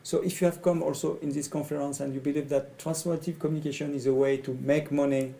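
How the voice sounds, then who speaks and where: A middle-aged man from France with a French accent, a coach speaking in halting English and often repeating his phrases. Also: fairly high pitch, flat delivery, vocal fry, mellow, rough recording. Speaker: coach and facilitator. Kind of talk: speaking to camera about his training.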